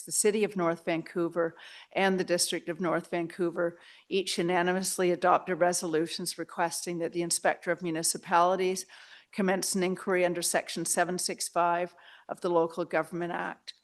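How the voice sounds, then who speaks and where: A woman city councillor presenting a motion at a council meeting in a formal, measured way. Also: lowish voice.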